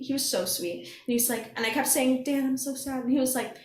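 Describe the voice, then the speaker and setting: A woman's voice: fairly high pitch, fairly quick, a little hiss or hum. A young woman, a singing contestant, chatting casually as a podcast guest and acting out what people said, with plenty of laughs. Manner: animated storytelling, acts out quotes, laughs often. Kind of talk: casual chat. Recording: roomy echo.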